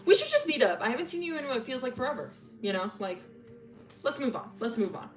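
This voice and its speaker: A woman's voice: fairly high pitch, sing-song, fast talker, voice pushed up. A woman voicing a blunt, pushy young woman who swears and presses her friend for answers. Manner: brash and swearing.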